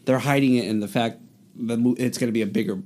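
Brief: male co-host, mid pitch, lively, laughs a lot, loose chat delivery. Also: quick pace. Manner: animated, acts out quoted lines, laughs often. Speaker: podcast co-host. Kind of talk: casual chat.

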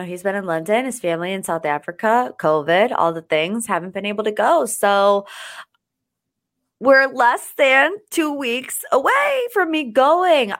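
A woman hosting a pop-culture podcast in a chatty, animated manner, stretching some words out. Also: lowish voice. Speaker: podcast host. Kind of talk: casual pop-culture chat.

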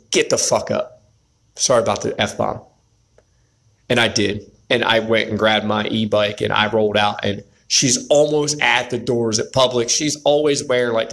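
A man's voice: on the low side, fairly even intonation, moderate pace, a bit bright. A man tells his viewers about a moment at the gym, turning it into a pep talk. He keeps tossing in "right?" and speaks straight to the guys watching. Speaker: vlogger. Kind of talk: casual motivational storytelling.

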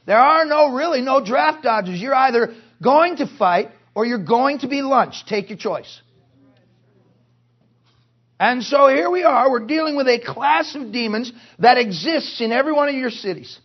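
A male pastor preaching a sermon at a conference, forceful and punctuated with joking asides. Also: very high voice, lively intonation, moderate pace, dull audio. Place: conference hall.

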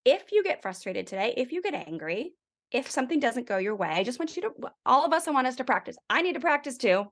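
A woman's voice: fairly high pitch, fast talker. A middle-aged woman, a parenting guest expert, speaking in a conversational interview and acting out quoted lines to children and a spouse. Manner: animated, acts out quoted lines to kids and spouse.

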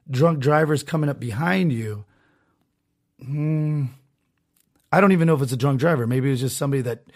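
A man's voice: a little high, vocal fry, a little mellow. A man hosting a solo podcast, talking in a rambling, sarcastic way with many restarts and asides. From Southern California. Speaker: podcast host.

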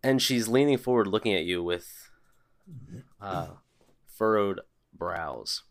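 A man narrating a tabletop game as game master, relaxed and descriptive with some fillers. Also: fairly low pitch, takes it slowly.

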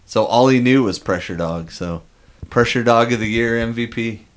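A man hosting a podcast in casual chat, brisk and jokey as he moves through the categories. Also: medium pitch. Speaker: podcast host.

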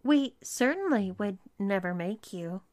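A woman's voice: medium pitch, lively intonation, unhurried, a little mellow, natural voice. A woman voicing a smug, domineering young woman with a cool, mocking politeness.

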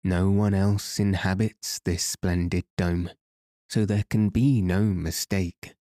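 A man voicing a calm gnome king in a storybook, explaining in a measured way. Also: deep voice, no echo, studio quality.

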